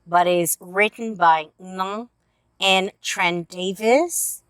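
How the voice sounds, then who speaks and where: Drawing out her words in a smooth, bit-bright mid-range voice with no room sound, a book reviewer discusses picture books to camera. Her casual vlog is earnest and openly emotional, with tearful moments.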